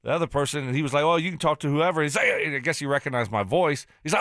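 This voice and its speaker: A man's voice: on the high side, fast, a bit bright, no echo, clean studio sound. Easygoing male sports radio host. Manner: easygoing, rambling storyteller. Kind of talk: casual sports talk radio. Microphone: studio broadcast mic.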